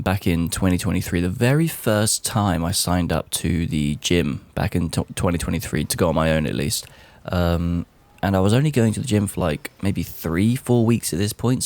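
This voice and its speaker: A young man talking casually to camera, animated, swearing freely and calling the listener bro. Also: low-pitched, a little fast, no echo. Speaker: vlogger.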